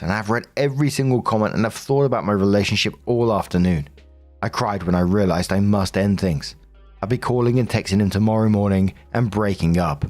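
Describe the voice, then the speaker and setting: A man with a fairly low voice reads online relationship posts aloud in a steady scripted narration. His delivery is even and unhurried. Faint music plays softly underneath. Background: faint background music.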